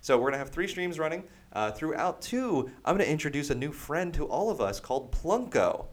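A man's voice: fairly high pitch, very animated, a little fast. A man hosting a casual gaming podcast, upbeat and chatty, rambling along with plenty of "uh"s as he plugs a charity stream. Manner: upbeat, promotional, rambling with many fillers. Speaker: podcast host.

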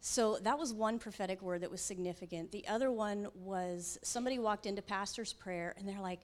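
A middle-aged woman, a pastor's wife, telling a personal testimony in a halting, emotional way with many fillers. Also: mid-range voice.

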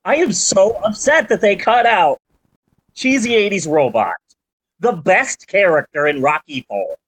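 A man hosting a casual movie podcast, ranting and joking with animated swings and the odd shouted outburst. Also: high-pitched, measured pace, dry recording. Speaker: podcast host.

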